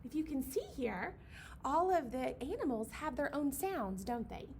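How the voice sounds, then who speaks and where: A woman's voice: high voice, sing-song, normal speed, darkish tone, a little hiss or hum. A young woman leading a library storytime for babies, reading a picture book aloud in a playful sing-song way and acting out the animal sounds.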